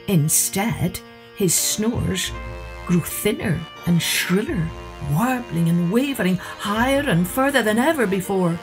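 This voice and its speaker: A woman storyteller reading a picture book aloud in an expressive, rhythmic way. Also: medium pitch, slow, soft background music.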